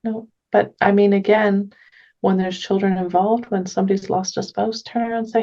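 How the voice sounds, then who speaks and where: A woman talking earnestly as a podcast guest, gentle and often restarting her sentences. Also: medium pitch, level tone, normal speed, lo-fi sound. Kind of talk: casual conversation.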